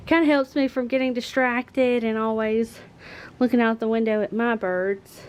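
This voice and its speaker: A woman chatting casually to her viewers from inside her home, relaxed, with ums and light laughs. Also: a little high, unhurried. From North Carolina, US. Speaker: homemaking vlogger.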